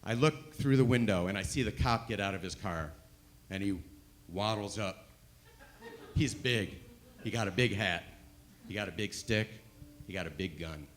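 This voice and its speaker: A man telling a stand-up story, animated and swinging between loud bursts and hushed asides. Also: lowish voice, normal speed, long pauses. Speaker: stand-up comedian.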